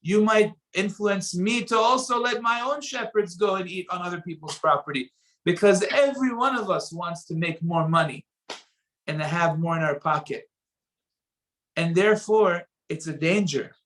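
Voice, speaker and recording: Man, Torah lesson, animated storyteller, slightly high voice. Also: normal speed, low-quality recording. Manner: animated, acts out quoted voices with sharp rises and drops in loudness. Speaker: rabbi teaching a Torah lesson.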